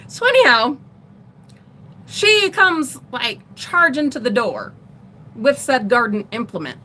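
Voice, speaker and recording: Middle-aged woman host, rambling storyteller, higher voice, unhurried delivery. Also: slight background noise. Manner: rambling, animated retelling with laughs. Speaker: vlogger. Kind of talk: casual livestream storytelling.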